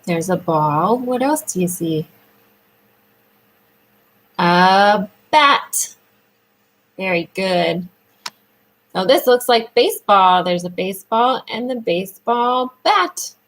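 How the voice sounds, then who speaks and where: A woman speech therapist leading a children's sound lesson, praising often and drawing out words slowly in a sing-song way. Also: medium pitch, animated, a bit bright, slight background noise, rough recording.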